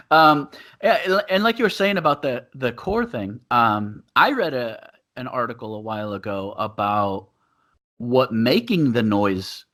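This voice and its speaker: A man's voice: mid-range voice, animated, unhurried, fairly bright tone. Man, podcast co-host, Muay Thai coach. Rambling, easygoing talk with frequent laughs. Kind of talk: casual chat. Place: living in Thailand.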